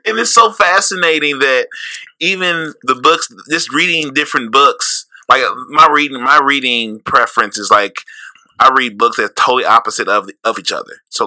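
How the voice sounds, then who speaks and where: Rambling, swearing podcast man with a bright voice. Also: mid-range voice, normal speed, no echo. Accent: St. Louis. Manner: loose, rambling, laughs a lot, swears freely. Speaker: podcast co-host. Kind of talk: casual chat.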